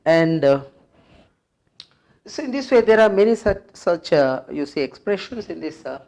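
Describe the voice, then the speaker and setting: An English grammar teacher explaining a rule at the board, patiently repeating each phrase and example several times and pausing often with fillers. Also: mid-range voice, animated, a little mellow. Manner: explains step by step with frequent fillers. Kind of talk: classroom grammar lesson at a board.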